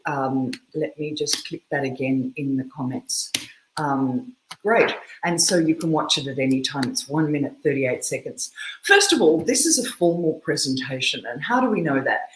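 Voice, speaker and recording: A woman communication analyst explaining a speech to camera in an animated, emphatic way, pausing for effect, with an Australian accent. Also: sits low. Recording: echoey room.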